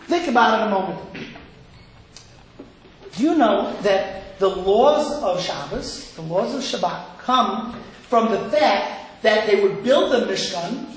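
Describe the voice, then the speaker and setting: A man's voice: high voice, slow, heavy reverb, low-quality recording. A man from Cleveland, Ohio, giving a sermon as a rabbi, telling stories and acting out the people in them. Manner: animated storytelling, acting out quoted voices.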